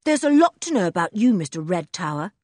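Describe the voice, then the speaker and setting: Casting: woman doing a brave teenage boy, challenging tone, lively, husky, storybook. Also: on the low side, fairly quick, no echo. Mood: accusing. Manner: bold, challenging. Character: bold teenage boy, brave and quick-witted.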